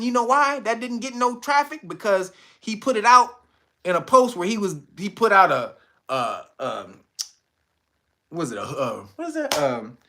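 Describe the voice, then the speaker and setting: High, bright, profane man laughing with chat. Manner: loud, profane, laughs often, reacts to viewer comments. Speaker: livestream host reading chat. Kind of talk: casual livestream commentary.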